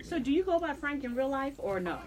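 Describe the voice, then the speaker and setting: A woman's voice: high voice, sing-song, a little fast, far from the mic, crowd noise. A woman in her fifties co-hosting a radio show, chiming in chatty and supportive. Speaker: radio co-host. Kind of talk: casual radio studio banter. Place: radio studio.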